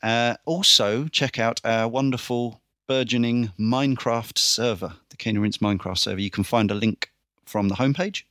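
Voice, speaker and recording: A man hosting a casual podcast, briskly reeling off a list with dry little asides. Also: mid-range voice, a bit bright, no room sound. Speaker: podcast host.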